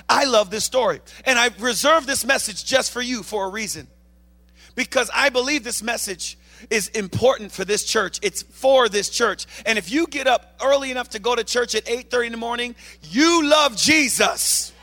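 A man with a high, bright voice preaches to a morning congregation. He reads scripture aloud, then breaks into playful, animated asides. His delivery is loud and full of energy. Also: normal speed. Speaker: guest preacher. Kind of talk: sermon.

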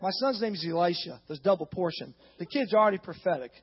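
A man preaching a sermon as pastor, emphatic and building to shouts. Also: high voice, expressive, quick pace, husky. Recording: dull, long-reverb hall sound.

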